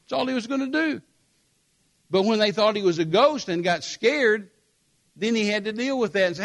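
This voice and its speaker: A man preaching a sermon, telling a scripture story with emphatic repetition and animated storytelling. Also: high voice, normal speed, pauses often.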